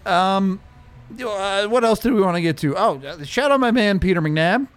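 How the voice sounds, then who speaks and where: A man hosting a podcast in casual chat, relaxed, with many fillers, giving shout-outs. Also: sits high, moderate pace, clean tone. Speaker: podcast host.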